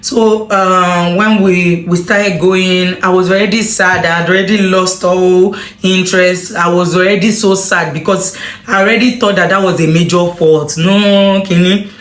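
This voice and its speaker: A woman telling a personal story to her viewers, animated and full of exclamations. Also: lowish voice, unhurried, reverberant. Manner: animated, emotional retelling with exclamations. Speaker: vlogger. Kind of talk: casual storytelling to camera.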